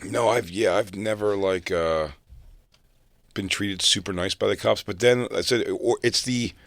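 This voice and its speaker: A man's voice: on the low side, a little slow, a bit bright, no room sound, studio quality. A man on a podcast, telling rambling, profane stories in casual chat and laughing through them. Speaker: podcast co-host.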